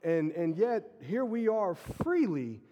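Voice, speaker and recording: Pastor, man, sick with a stuffy nose, casual energetic preacher, fairly high voice, long hall reverb. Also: slow, highs cut off, a little hiss or hum. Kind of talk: sermon. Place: church sanctuary.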